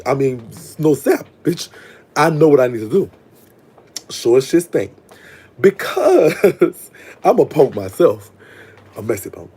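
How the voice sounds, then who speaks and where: A man's voice: medium pitch, warm tone, breathy edge. A man telling a long story in a sassy, digressive, profane way. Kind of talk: casual storytime monologue.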